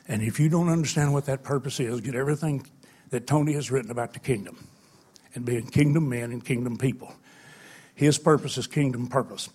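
An older man preaching with a husky, breathy voice. His sermon moves from loud, drawn-out emphasis to hushed, intimate storytelling, with his pitch sitting in a middle range.

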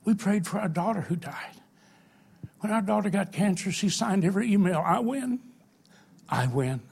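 An older man preaching a sermon, telling emotional stories that swing between loud, stretched words and hushed, quiet passages. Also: high-pitched, fairly even intonation, brisk, gravelly, slightly rough.

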